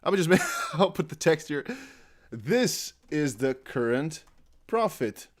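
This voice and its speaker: A man's voice: on the high side, big pitch swings, measured pace. A man hosting a casual live stream, chatty and jokey, thinking aloud with many fillers. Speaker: crypto livestream host.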